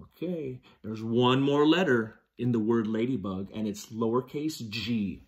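A man teaching young children to write letters, giving slow, patient step-by-step instructions. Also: mid-range voice. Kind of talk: children's handwriting lesson.

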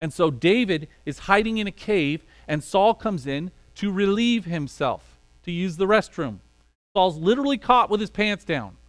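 A man's voice: high-pitched, expressive, moderate pace, no echo. A man preaching a sermon in a conversational way, acting out small quoted exchanges as he goes. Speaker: pastor.

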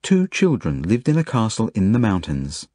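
A man's voice: lowish voice, huge pitch swings, moderate pace, dark tone, no echo, clean studio sound. A man reading an audiobook voices a bossy, cross little girl who talks insistently and scolds.

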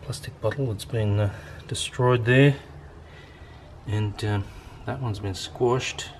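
Dry-humored Australian man, lowish voice. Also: slow, slight background noise. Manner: dry, rambling, deadpan humor. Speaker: vlogger, amateur astronomer. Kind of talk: casual vlog narration.

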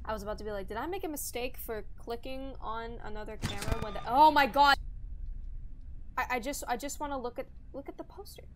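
A woman's voice: on the high side, quick pace, hardly any pauses, slight background noise, poor audio. A young adult woman streaming a horror game live, panicking, swearing and repeating herself under stress. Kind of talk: live gameplay reaction.

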